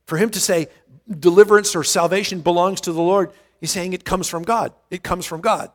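A man's voice: sits high, fairly even intonation, fairly quick, a bit bright. A man preaching a sermon as pastor, earnest and emphatic, repeating his key points and often restarting his phrases.

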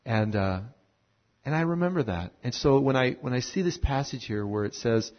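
A man preaching a sermon full of personal stories, animated at moments and then dropping to a hushed tone. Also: mid-range voice, normal speed, lo-fi sound. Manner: animated storyteller who drops to a hushed tone. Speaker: pastor.

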